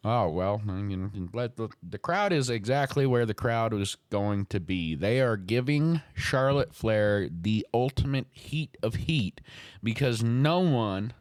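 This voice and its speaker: A man's voice: fairly low pitch, animated, measured pace, darkish tone, dry recording. Fired-up, foul-mouthed man ranting. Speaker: podcast host. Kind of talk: heated wrestling commentary chat.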